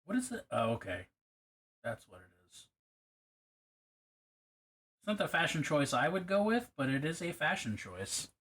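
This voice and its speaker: A man's voice: fairly high pitch, very animated, normal speed, long pauses, fairly bright tone. A man casually chatting with his live-stream audience while painting miniatures, rambling, swearing and joking about himself. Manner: rambling, self-deprecating, profane.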